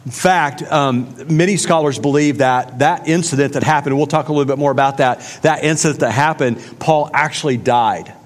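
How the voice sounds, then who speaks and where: A man's voice: a little high, fairly quick, few pauses. Conversational male preacher in a hall. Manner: conversational preaching with fillers and asides. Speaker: pastor. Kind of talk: sermon.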